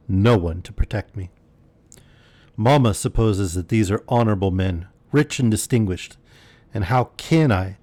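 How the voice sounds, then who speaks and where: A man's voice: lowish voice, darkish tone, no echo, lightly acted. A man reading aloud and voicing a proud young woman in distress, earnest and pleading.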